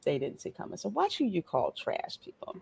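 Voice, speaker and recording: A woman hosting a live stream, with a lively voice that swings up and down as she greets viewers and reads out their chat messages. She talks in a relaxed, chatty way. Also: lowish voice, a little fast, creaky, breathy edge.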